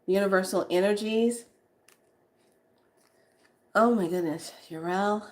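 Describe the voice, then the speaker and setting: A woman hosting a spiritual vlog, reading names aloud slowly with breathy exclamations and sudden whoops while she says she is overheated and sweating. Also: medium pitch. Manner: slow, breathy exclamations, bursts of whooping and laughter. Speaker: spiritual vlogger.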